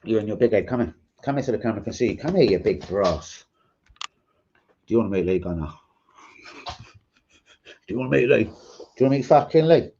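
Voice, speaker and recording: A man, ranting and joking with plenty of swearing on a casual live stream, mocking and animated. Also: fairly low pitch, fairly quick, pauses often, slight background noise. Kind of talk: casual livestream rant. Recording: dull lo-fi stream audio.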